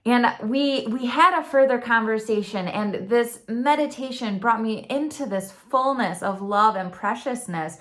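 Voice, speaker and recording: A woman's voice: on the high side, unhurried, few pauses. A young adult woman with a Michigan accent, talking on her channel about her faith in an earnest, chatty way. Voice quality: talkative, earnest. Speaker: YouTube channel host. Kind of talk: personal reflective monologue.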